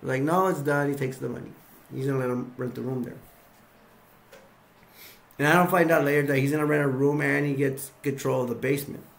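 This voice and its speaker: A man's voice: medium pitch, fairly even intonation, fairly quick, gravelly, pauses often. A man casually recapping a film's scenes, rambling and repeating himself as he acts bits out. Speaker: movie reviewer.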